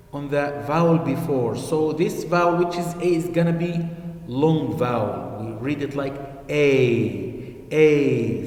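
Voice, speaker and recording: Slow, patient male teacher in echoey room. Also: a little high, a little mellow. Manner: slow, patient, repeats key words. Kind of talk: online phonics lesson. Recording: echoey room with long reverb.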